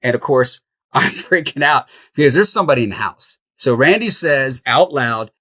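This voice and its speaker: A middle-aged man telling a story as an interview guest, animated and laughing as he goes. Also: mid-range voice, normal speed, slightly rough, dry recording. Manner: animated, laughs through the tale. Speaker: podcast guest, house flipper.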